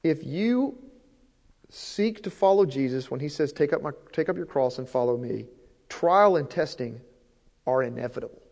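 A man's voice: a little high, expressive, normal speed, gravelly, a little mellow. A man preaching a sermon as pastor, earnest and repeating his key points for emphasis. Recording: long hall reverb.

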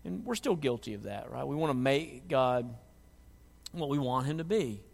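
A man's voice: medium pitch, expressive, normal speed, vocal fry, long reverb tail. A man preaching a sermon as pastor, earnest, often repeating words as he restarts his sentences.

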